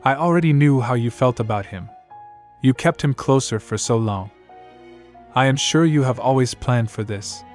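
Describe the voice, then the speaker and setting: A man's voice: medium pitch, moderate pace, darkish tone, soft background music, natural voice. A man doing a shrewd old count. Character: shrewd older noble father, a count.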